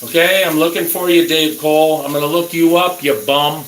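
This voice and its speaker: A man's voice: fairly high pitch, fairly even intonation, brisk, fairly bright tone. A middle-aged man ranting crudely and angrily at his viewers in a casual talk. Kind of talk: casual rant. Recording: roomy echo, faint background noise.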